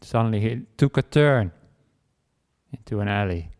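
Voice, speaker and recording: Playful monk telling a silly story. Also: male voice, fairly low pitch, animated, moderate pace, darkish tone. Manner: playful, self-mocking, acts out barking and chases. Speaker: Buddhist monk teacher. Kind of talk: humorous dharma talk storytelling.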